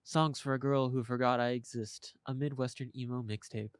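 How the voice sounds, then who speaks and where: A man's voice: mid-range voice, steady tone, moderate pace, clean tone, dry recording, clean studio sound. A young man co-hosting a college radio show, talking in an easygoing, rambling way. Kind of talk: casual chat. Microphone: studio mic.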